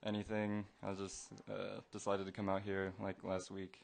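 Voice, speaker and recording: A man's voice: low voice, monotone, gravelly, slight background noise. A man who sings and plays guitar, introducing himself on stage without preparing, hesitant and full of fillers. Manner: hesitant, slow and quiet with fillers. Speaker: singer and guitarist.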